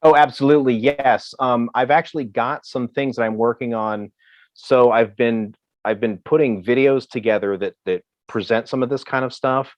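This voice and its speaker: A man from Ohio answering questions as a presenter in a video call, talking in a halting way with many fillers and restarts. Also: mid-range voice, no room sound, muffled recording. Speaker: presenter on emergency communications. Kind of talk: Zoom Q&A answer.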